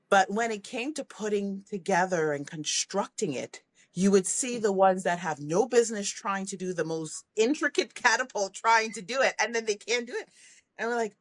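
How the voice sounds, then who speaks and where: A middle-aged woman, a leadership coach, talking in a conversational interview, animatedly telling stories with plenty of laughs. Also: medium pitch. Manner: animated storytelling, acts out kids' voices, laughs often. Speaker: podcast guest, leadership coach.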